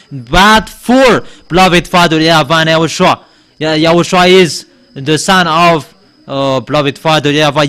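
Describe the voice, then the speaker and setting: A man from Madagascar, a native Malagasy speaker, preaching a sermon in English with emphatic declarations and frequent halting pauses. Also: a little high, a bit bright. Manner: halting, with many uh pauses and restarts.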